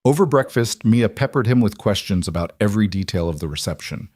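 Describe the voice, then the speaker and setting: A man narrates a story in a low, steady voice. His delivery is even and measured. The sound is dry and close to the mic. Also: no echo.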